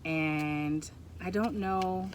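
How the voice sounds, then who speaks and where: A woman gives a pick-a-pile tarot reading in a fairly low voice. She rambles and stops herself often, and her talk turns emotional. A Bluetooth mic picks her up over a faint background hiss. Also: extremely slow. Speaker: tarot reader.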